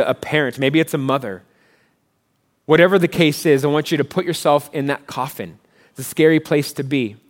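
A man preaching as pastor, conversational, rising for emphasis and dropping soft and low to console. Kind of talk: sermon.

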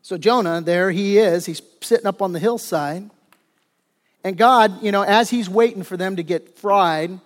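A man preaching a sermon as pastor, retelling scripture in a conversational way with casual asides. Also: high voice. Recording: long reverb of a large hall.

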